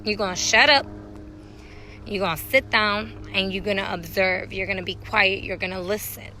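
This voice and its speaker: A woman's voice: mid-range voice, steady tone, moderate pace, sharp tone, slight background noise. A woman voicing a stern spirit that gives curt, commanding orders. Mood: scolding.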